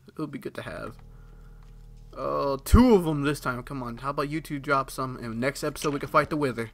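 A man giving live, excitable gameplay commentary, talking to himself, swearing and reacting loudly as he plays. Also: fairly high pitch.

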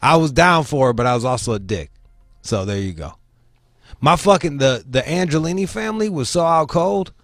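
A man hosting a casual talk show, telling stories in a profane, animated way. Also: a little high, normal speed, dry recording, studio quality, faint music behind. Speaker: show host. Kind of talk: casual podcast chat.

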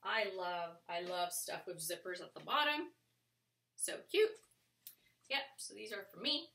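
A woman's voice: lowish voice, animated, moderate pace, sharp tone, slight background noise. A woman casually chatting through a clothing haul for her resale vlog, rambling along with plenty of fillers. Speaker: clothing reseller showing a thrift haul. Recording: echoey room, mic at a distance.

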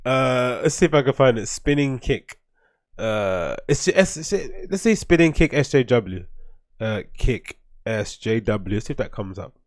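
A man's voice: mid-range voice, animated, unhurried. A man hosting a solo podcast, rambling and swearing as he comments on videos. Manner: rambling, swearing, laughing often. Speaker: podcast host.

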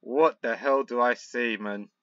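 A young man commentating on a football management game, frustrated and excitable, muttering one moment and shouting the next. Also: mid-range voice, unhurried, dry recording, muffled recording. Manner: frustrated, excitable, swings between muttering and outbursts. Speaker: gaming YouTuber.

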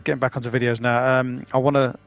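Male games host, mid-range pitch, gravelly edge, chatty casual commentary. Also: little pitch movement, fast, soft background music. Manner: chatty, rambling, self-deprecating. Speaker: gaming channel host.

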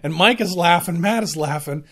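A man's voice: on the high side, moderate pace, bright, forceful tone. A man hosting a podcast, telling a story in a rambling, profane, laid-back way. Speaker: podcast host. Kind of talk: casual storytelling.

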